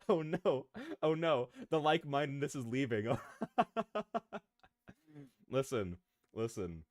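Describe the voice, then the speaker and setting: Male VTuber streamer, mid-pitched, rambling and excitable, dry close sound. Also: slow, pauses often, no echo. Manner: rambling and excitable, prone to tangents and laughter. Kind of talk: casual live-stream chat, answering viewers.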